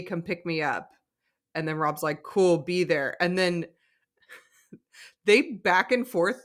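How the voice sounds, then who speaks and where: Bright-voiced, giggly woman co-host. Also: fairly low pitch. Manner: giggly, opinionated commentary. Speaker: podcast co-host. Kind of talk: casual chat recapping a reality show.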